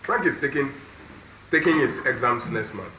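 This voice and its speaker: An actor with a Ghanaian English accent playing a harried, irritable middle-aged boss who bursts out in exasperation. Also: male voice, mid-range voice, lively intonation, moderate pace, background noise, lightly acted. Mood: exasperated. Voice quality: explosive, exasperated outbursts. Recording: echoey room.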